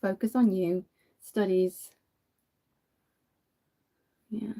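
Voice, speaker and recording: An Irish woman in her thirties chats away while doing her makeup. She has a mellow, relaxed tone at a middling pitch and tells her stories with frequent laughs. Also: very slow, vocal fry. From Ireland. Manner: chatty storytelling, laughs often. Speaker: makeup vlogger.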